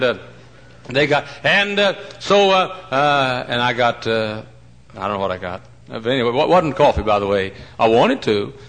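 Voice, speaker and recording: Folksy storytelling male preacher, bright voice. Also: medium pitch, poor audio. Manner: folksy storytelling, swings from loud mock-pompous to hushed. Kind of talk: sermon.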